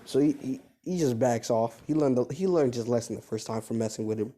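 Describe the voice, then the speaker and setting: A man improvising a fan-fiction story out loud, rambling and correcting himself, in slangy casual speech. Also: mid-range voice, fairly quick.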